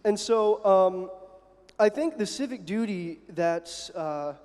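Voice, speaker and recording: A man delivering a debate floor speech in a university hall. He talks haltingly, fills gaps with "uh" and "um" and keeps tagging his points with "right?". His voice sits a little high for a man, and a long hall reverb trails every phrase. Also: animated, darkish tone, slight background noise. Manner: halting, many fillers, tags "right?". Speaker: student debate speaker.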